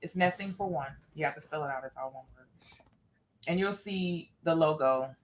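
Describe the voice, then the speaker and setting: A woman's voice: sits low, normal speed. A woman co-hosting a casual film discussion podcast, chatty, laughing often and talking straight to viewers. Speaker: podcast co-host.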